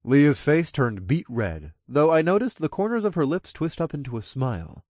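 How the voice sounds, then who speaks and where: Man narrating an audiobook, lively up-and-down voice, expressive first-person storytelling, dry close sound. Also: fairly high pitch, normal speed, no room sound.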